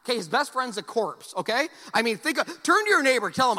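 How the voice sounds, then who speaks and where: Lively, bright-voiced preacher in a reverberant church. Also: male voice, extremely high pitch, fast. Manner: conversational, joking, repeats words as he restarts. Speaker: pastor. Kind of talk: sermon.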